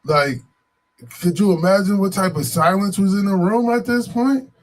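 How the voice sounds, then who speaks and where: A man from Buffalo, New York, tells a story casually with a voice a little higher than most men's. He rambles and loops back on himself, leaning on frequent fillers. His delivery is loose and animated. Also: fairly quick. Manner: animated, digressive, frequent "you know what I'm saying" fillers.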